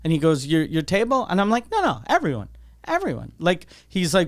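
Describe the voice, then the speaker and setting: A man's voice: a little high, brisk. A middle-aged man hosting a podcast, telling profane stories in casual chat and acting out the people he quotes. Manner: profane animated storyteller, acts out quotes. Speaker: podcast host.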